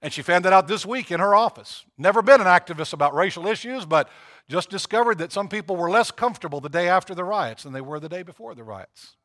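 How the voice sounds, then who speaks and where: A man's voice: high voice, lively intonation, quick pace, fairly bright tone. A man preaching a sermon to his congregation, talking casually with emphatic repetitions and swelling to fervent peaks. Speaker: pastor.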